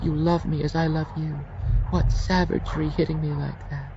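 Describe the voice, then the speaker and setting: A man's voice: on the high side, little pitch movement, moderate pace, gravelly, dull audio, noisy background, voice pushed up. A man voicing a seductive, treacherous demon woman in an audiobook, speaking in a sugary, coaxing tone. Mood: sweet, menacing. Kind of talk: audiobook character voice.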